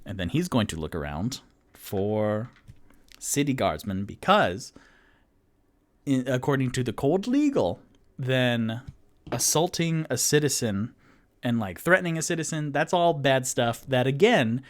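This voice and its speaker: A man's voice: mid-range voice, very animated, a little slow. A man narrating a solo tabletop game as game master, casual and rambling, with many fillers.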